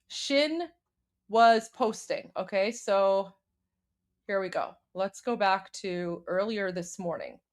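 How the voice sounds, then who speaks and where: A young adult woman hosting a live stream, chatting casually with viewers and commenting on news, with many fillers and restarts. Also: medium pitch. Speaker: livestream host.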